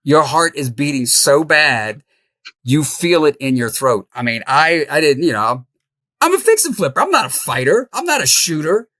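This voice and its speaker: A middle-aged man telling a story as an interview guest, animated and laughing as he goes. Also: on the high side, normal speed, no echo. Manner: animated, laughs through the tale. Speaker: podcast guest, house flipper.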